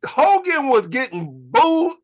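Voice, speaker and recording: A man co-hosting a casual wrestling talk show who talks slowly and dramatically. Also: very high-pitched, sing-song. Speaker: co-host.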